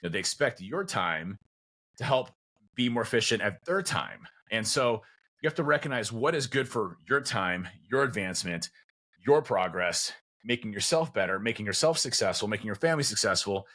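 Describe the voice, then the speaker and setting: A man's voice: lowish voice, sing-song, moderate pace, bright, forceful tone. A man, likely a father of teens, chatting casually as a podcast guest, rambling with lots of fillers and acting out quoted conversations. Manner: rambling, many fillers and restarts; acts out quoted dialogue.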